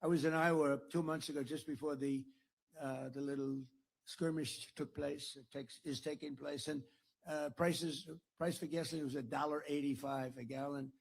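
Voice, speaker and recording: A man's voice: fairly high pitch, fairly even intonation, moderate pace, vocal fry. An older American man giving an after-dinner speech at a podium mic in a dinner hall, rambling, repeating himself and boasting. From United States. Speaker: political speaker.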